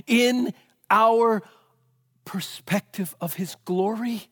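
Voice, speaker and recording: Brief: male pastor with a high voice, dramatic sermon delivery, dry close sound. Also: big pitch swings, measured pace, dry recording. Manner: dramatic preaching, swinging from loud emphasis to hushed tones; rhetorical questions.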